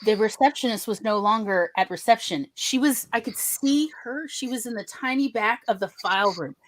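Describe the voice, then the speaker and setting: Animated woman, dry close recording. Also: on the high side, moderate pace, no echo. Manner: animated, acts out other people's lines in shifting voices. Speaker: podcast host telling a story. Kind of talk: casual storytelling chat.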